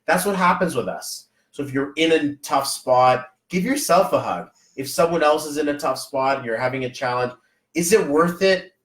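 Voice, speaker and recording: A man hosting a podcast, chatting casually and motivationally, telling rambling, animated stories full of fillers. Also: medium pitch, roomy sound, rough recording. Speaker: podcast host.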